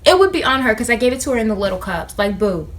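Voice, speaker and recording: A young woman vlogger in casual storytime chat, animated and slangy as she talks straight to her viewers. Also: a little high, quick pace. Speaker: vlogger telling a work story.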